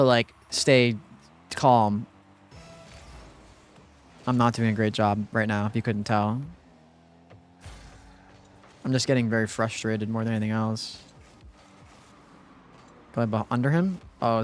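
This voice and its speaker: A young man streaming a game live, talking casually to his chat and teammate, muttering and then bursting into frustrated outbursts. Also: mid-range voice. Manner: swings between muttered calm and frustrated outbursts. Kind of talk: live gameplay streaming commentary.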